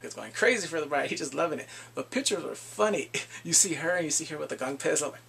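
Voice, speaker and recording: Lively gravelly man recapping a drama. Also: on the high side, quick pace, slight background noise. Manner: animated, often laughing, acting out quotes. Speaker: drama review vlogger.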